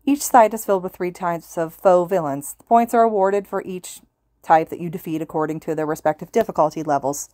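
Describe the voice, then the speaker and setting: Woman doing a booming hyped hero announcer. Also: a little fast, mellow, no echo, lightly acted. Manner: booming showman calls to listeners. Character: loud flashy male announcer hero, hyped.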